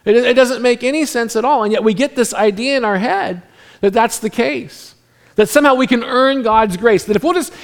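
A pastor giving a sermon in a conversational way, lively at times and dropping to a hushed near-whisper at others. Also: male voice, very high-pitched, normal speed. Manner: conversational preaching that swings from animated to hushed, near-whispered passages.

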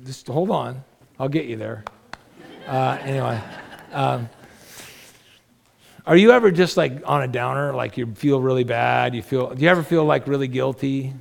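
A man's voice: mid-range voice, vocal fry, big-room sound. A man, a pastor, preaching a conversational sermon full of rhetorical questions.

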